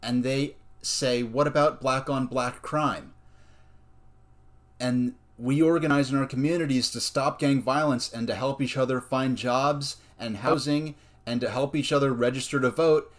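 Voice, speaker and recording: A man giving a personal commentary monologue in a deliberate, earnest way, with many pauses. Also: medium pitch, fairly even intonation. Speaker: video essayist.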